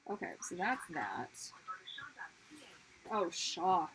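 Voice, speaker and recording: A young woman chats casually as she draws on a stream. Her pitch swings widely from line to line, and she keeps cutting herself off with bursts of surprise. A faint hiss sits under the voice. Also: big pitch swings, extremely slow, a bit bright, low-quality recording. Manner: rambling, self-interrupting, exclamatory. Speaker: livestream host and artist. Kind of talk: casual chat while drawing.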